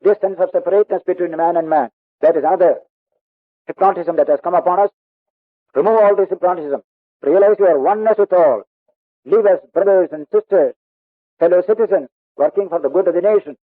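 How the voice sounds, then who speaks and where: Indian-accented monk, earnest lecture on a tinny recording. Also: male voice, high voice, dry recording. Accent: Indian English. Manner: earnest, emphatic, repeats key words, recites Sanskrit verses. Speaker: monk teacher. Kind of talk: spiritual discourse on scripture.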